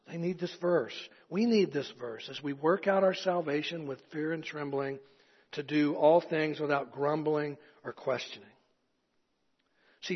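A man preaches earnestly, mixing folksy asides with rhetorical questions. His voice is a touch husky and sits fairly high for a man. The sermon rings through a long echoey hall on a dull, lo-fi recording. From East Tennessee. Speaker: pastor.

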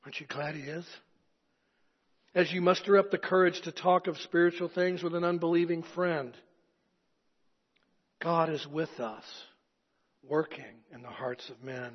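A man preaches earnestly, mixing folksy asides with rhetorical questions. His voice is a touch husky and sits fairly high for a man. The sermon rings through a long echoey hall on a dull, lo-fi recording. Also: a little slow, long pauses. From East Tennessee. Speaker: pastor.

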